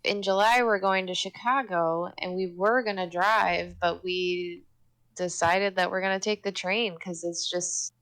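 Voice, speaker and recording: A young woman chatting on a casual live stream in a lowish voice. She talks animatedly about her toddler and slips into quoting her child. Her delivery stays relaxed and conversational. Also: measured pace, smooth. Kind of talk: casual chat.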